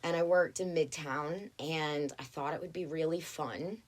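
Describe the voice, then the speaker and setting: A woman's voice: deep voice, unhurried. A young woman from North Carolina with a Southern accent, telling stories in a casual interview and acting out the people in them. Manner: animated, acts out voices in anecdotes. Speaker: actress, interview guest. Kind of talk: casual storytelling chat.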